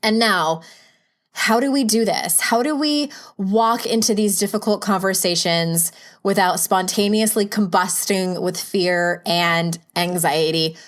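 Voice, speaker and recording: A woman's voice: mid-range voice, unhurried. A woman hosting a solo self-help podcast, talking frankly and playfully, coaching listeners with humorous asides. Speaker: podcast host.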